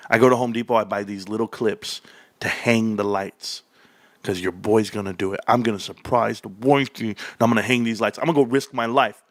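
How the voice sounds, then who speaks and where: A man in his thirties hosting a stock livestream, ranting excitedly and telling rambling stories. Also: a little fast. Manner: hyped, rambling, loud swings, laughs often; lower storytelling mode.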